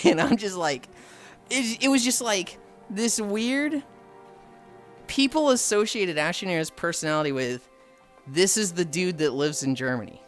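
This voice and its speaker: A woman streamer chatting casually with friends and her chat, telling stories with lively quoted voices. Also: on the low side, a little slow, faint music behind. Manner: animated storytelling, acts out quoted people.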